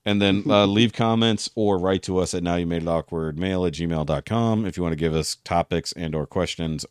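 A man with a very low voice hosts a casual podcast, rambling through the wrap-up with fillers and restarts. The sound is dry and close to the mic. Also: clear, resonant tone, dry recording. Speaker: podcast host.

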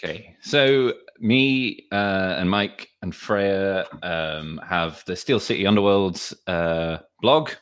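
English male podcast guest, very low voice, wry and understated. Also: takes it slowly, few pauses, clean tone. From England. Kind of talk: casual podcast chat. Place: at home.

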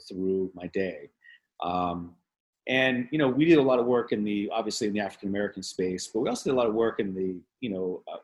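Middle-aged man, somewhat low voice, earnest rambling interviewee. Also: low-quality recording. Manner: rambling, many restarts, earnest. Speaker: interviewee, league CEO. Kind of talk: casual reflective interview talk.

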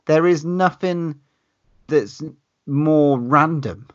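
A man's voice: on the high side, very slow, lo-fi sound. A man co-hosting a casual film chat, enthusiastic and sweary, laughing between phrases. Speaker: podcast co-host.

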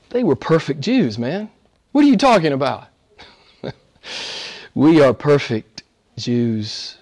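Male pastor, higher-pitched, conversational and emphatic preaching. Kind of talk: sermon.

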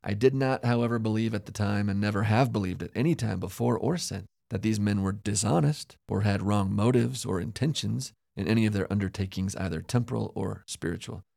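A man with a low, gravelly voice, recorded close and dry, co-hosting a casual history podcast. He recounts events reflectively, with hedges and asides, and sometimes stops to draw out a lesson. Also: fairly quick, few pauses, warm tone, dry recording. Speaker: podcast co-host. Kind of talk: casual conversational history discussion.

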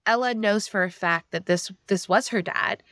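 This is a podcast co-host, a woman, retelling a book's plot in casual recap chat laced with dry humor. Her mid-range voice is a bit bright and moves at a moderate pace, captured in a dry recording.

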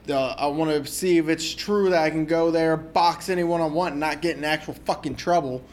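A man's voice: on the high side, steady tone, a little fast, slight background noise. A man co-hosting a podcast, talking about movies casually, joking and swearing freely. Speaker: podcast co-host.

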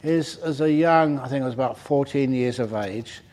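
Monk telling humorous stories. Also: male voice, medium pitch, moderate pace, a little mellow. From United Kingdom. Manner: humorous storyteller, chuckles at his own stories. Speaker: monk teaching a retreat. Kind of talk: dharma talk answering questions.

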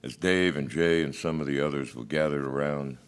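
A man preaching a sermon in a reflective, halting delivery. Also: extremely low pitch, smooth.

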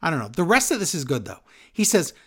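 Animated sarcastic wrestling recapper. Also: male voice, fairly high pitch, breathy edge. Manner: animated, sarcastic, rapid asides. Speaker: podcast co-host.

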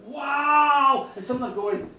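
A man's voice: very high-pitched, slight background noise. Playful male storyteller, live. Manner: lively, playful, dramatic pauses. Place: live show venue. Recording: roomy live recording from a distance.

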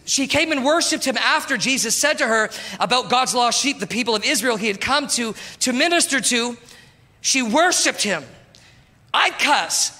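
A man preaching a sermon as pastor, animated and calling out to the congregation. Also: very high-pitched. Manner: animated, talks to the congregation, calls out "come on". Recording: long hall reverb.

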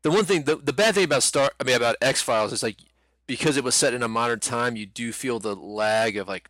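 A man's voice: mid-range voice, fairly quick, dry recording. A man co-hosting a casual podcast chat, talking with lots of fillers and the odd swear word. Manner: animated, swearing, frequent filler words. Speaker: podcast co-host.

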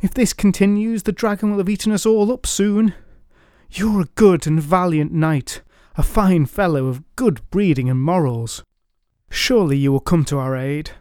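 A man's voice: sits high, moderate pace, darkish tone, clear, resonant tone, no echo, clean studio sound, voice pushed up, close to an everyday voice. A man voicing a desperate crowd of villagers begging a knight for help, anxious and pleading.

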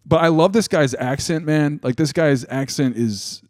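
A man with a somewhat high voice chats loosely as he reacts to a clip, laughing and swearing often. He stumbles over his words and restarts his sentences. The sound is dry and close, with no room around it. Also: moderate pace, a little mellow, no echo. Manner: laughing, crude and stammering. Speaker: co-host reacting to a video. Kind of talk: casual reaction chat.

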